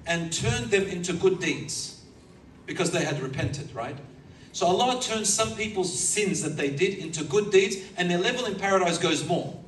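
A male preacher in an echoey hall, heard from a little way off the mic with faint room ambience behind him. His voice sits slightly high for a man. He tells the story with animation and chuckles as he goes. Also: a bit bright, distant mic, slight background noise. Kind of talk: sermon, storytelling. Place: lecture hall.

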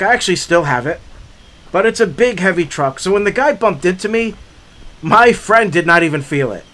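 Male hiking vlogger, bright lively voice, dramatic storyteller. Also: high voice. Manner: dramatic, builds up to shouted reenactments. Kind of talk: animated storytelling. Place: outdoor forest trail.

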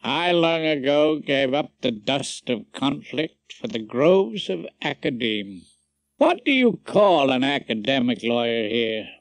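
A man voicing a bulky, genial middle-aged American law professor with a courteous, flattering, drawn-out way of speaking. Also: mid-range voice, dry recording. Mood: affable.

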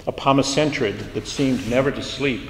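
Male author at a reading, measured delivery, roomy reverberant hall. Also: mid-range voice, a little hiss or hum. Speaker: author reading his fiction. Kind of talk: literary reading aloud. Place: lecture hall.

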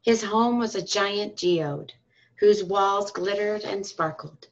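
A woman reading a storybook aloud to school children and parents, in a calm, expressive storytelling manner. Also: medium pitch, takes it slowly. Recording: dull lo-fi recording.

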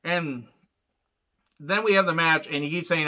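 A man's voice: a little high, moderate pace, bright, forceful tone. A man giving a casual, profane, sarcastic rant reviewing a show, rambling loosely as he talks. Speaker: wrestling reviewer. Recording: dull lo-fi sound.

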